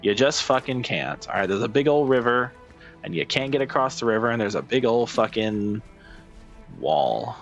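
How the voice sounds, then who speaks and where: A man's voice: mid-range voice, lively intonation, normal speed, lo-fi sound, soft background music. A man giving casual gameplay commentary, muttering, swearing and calling himself an idiot as he works. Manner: self-deprecating, swearing, frustrated muttering. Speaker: gaming streamer.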